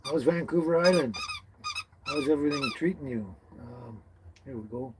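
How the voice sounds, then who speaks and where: A British Columbia man hosts a casual livestream from a tiny house with dogs nearby, greeting viewers by name in a folksy way. His voice sits on the high side with lively intonation and a moderate pace, against a noisy background.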